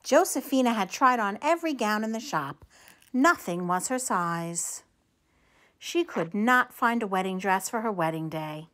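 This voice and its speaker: A woman reading a children's story aloud with animated, expressive storytelling. Her voice rides fairly high and swings widely, and she takes an unhurried, slow pace. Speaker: storytime reader.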